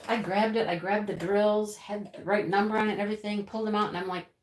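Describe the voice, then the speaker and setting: A woman's voice: mid-range voice, fairly even intonation, quick pace, echoey room, slight background noise. A woman hosting a casual livestream, chatting and rambling as she reads the chat aloud, often laughing. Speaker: livestream host.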